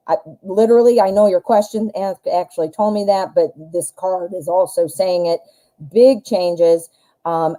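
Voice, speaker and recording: A woman's voice: lowish voice, warm tone, rough recording. A woman in her forties hosting a live tarot reading stream, chatting casually with fillers and self-corrections as she thinks aloud.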